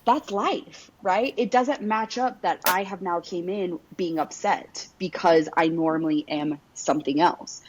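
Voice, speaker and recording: A woman's voice: fairly low pitch, unhurried, hardly any pauses, slight background noise. A woman hosting a podcast, talking emphatically and bluntly, swearing and leaning on "like" and "right?". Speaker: podcast host. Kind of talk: casual podcast conversation. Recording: dull lo-fi recording.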